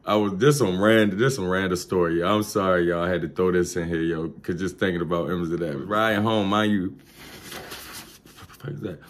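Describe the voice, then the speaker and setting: A young man spins a story in a low, casual voice. He talks loose and slangy, swears freely and punches the action with his own sound effects. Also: fast talker, hardly any pauses. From Baltimore. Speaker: vlogger. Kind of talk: storytime vlog.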